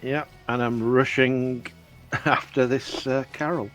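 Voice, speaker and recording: A man's voice: mid-range voice, fairly even intonation, takes it slowly, a bit bright, faint music behind. A man playing a tabletop role-playing game, describing his character hesitantly as he thinks aloud. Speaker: player.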